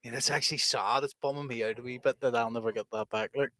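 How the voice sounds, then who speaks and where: A man co-hosting a podcast, telling animated, sweary stories and laughing often. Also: medium pitch, fast, dry recording, studio quality. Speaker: podcast co-host, music producer. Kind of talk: casual chat.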